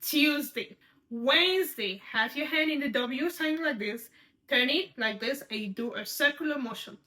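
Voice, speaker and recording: Female sign language teacher, high bright voice, patient and repetitive, checks in often. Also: normal speed. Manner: patient, repeats each sign word, checks in with "right?". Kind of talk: step-by-step instruction.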